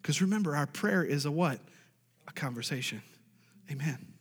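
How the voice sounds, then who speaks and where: High-voiced preaching man in a hall. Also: animated, normal speed, breathy edge. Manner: emphatic preaching, asks the congregation for responses. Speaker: pastor. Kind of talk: sermon.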